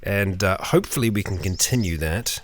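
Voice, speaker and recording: Speaking at a moderate pace in a low-pitched voice, this young let's play host chats casually as he plays, addresses the game's characters, and erupts into mock rage and laughter. There is slight background noise.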